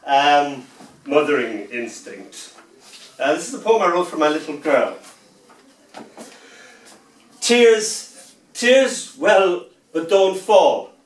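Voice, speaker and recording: A man reads his poems aloud with a playful, theatrical touch, lingering on words and letting pauses hang. His voice sits fairly high for a man. He sounds some way off from the mic, in a roomy, echoing venue. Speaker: poet. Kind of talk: poetry reading to an audience. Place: festival venue indoors. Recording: echoey room, mic far off.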